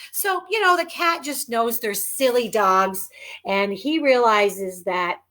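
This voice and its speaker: A woman author reading her own children's book aloud in an animated, emphatic, chatty way. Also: high-pitched. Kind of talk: children's storytelling.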